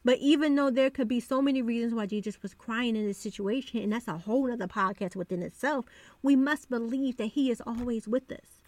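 A woman's voice: a little high, darkish tone, no echo. A woman hosting a devotional podcast, talking earnestly and repeating phrases for emphasis. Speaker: podcast host.

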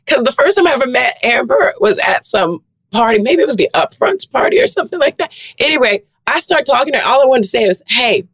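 A middle-aged woman guest on a chat podcast, telling lively stories and jumping into squealing high voices for herself. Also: fast, hardly any pauses, husky, dry recording. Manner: animated, swings into high squealing voices when quoting herself. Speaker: guest actress. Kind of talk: casual chat, lively storytelling.

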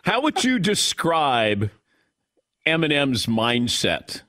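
A man hosting a talk show, asking slow, playful questions and laughing easily with his guest. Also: a little high, huge pitch swings, sharp tone. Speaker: radio show host. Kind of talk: casual talk show interview.

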